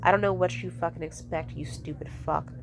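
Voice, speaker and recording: A woman's voice: lowish voice, fairly even intonation, brisk, creaky, a little hiss or hum. A young woman ranting casually, blunt and profane, exasperated, mimicking the people she complains about.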